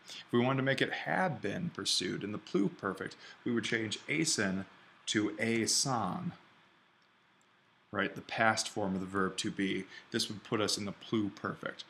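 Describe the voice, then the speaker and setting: A man teaching an online Greek grammar lesson, thinking aloud and slowing down to spell out each form. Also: fairly low pitch, gravelly, bright, forceful tone, a little hiss or hum. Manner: explains step by step, thinking aloud; slows down to spell out Greek forms.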